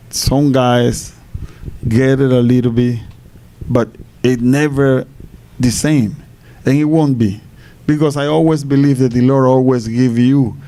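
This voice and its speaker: Soft-spoken man. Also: mid-range voice. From Panama. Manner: halting, repeats words, laughs between answers. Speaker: guest answering fan questions. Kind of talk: live Q&A answers.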